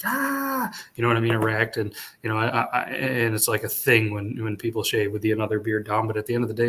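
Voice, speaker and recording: A man from upstate New York hosting a casual chat, relaxed and rambling with lots of fillers. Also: lowish voice, vocal fry. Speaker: podcast host. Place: hotel room.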